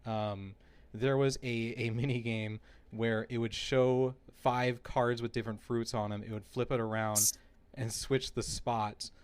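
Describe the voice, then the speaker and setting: Guy on a gaming podcast telling a funny story, keeps cracking himself up, medium-pitched easygoing voice. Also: unhurried, clean tone. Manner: animated storyteller who laughs through his own anecdotes. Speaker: podcast co-host. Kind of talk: casual chat.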